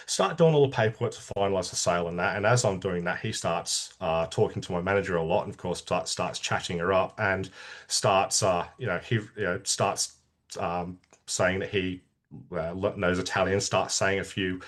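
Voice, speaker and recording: A middle-aged Australian man speaks in a somewhat low voice as an interview guest. He tells his stories haltingly, restarting phrases often, and chuckles along the way. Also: a bit bright. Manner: halting, many restarts, laughs while telling stories. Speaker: guest, army veteran. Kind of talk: casual storytelling interview.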